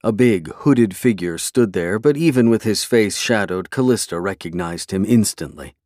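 A man narrating a fantasy novel in a measured, even storytelling way. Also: lowish voice, no room sound, studio quality. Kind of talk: scripted fantasy audiobook narration.

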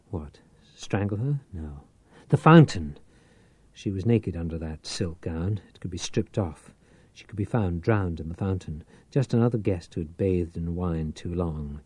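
A man reads a thriller aloud in a tense, dramatic style, quickening and slowing with the action. His voice sits fairly low, and the sound is dry and close. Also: dark tone, husky, no room sound. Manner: dramatic, tense storytelling with varied pace. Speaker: audiobook narrator. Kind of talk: scripted narration.

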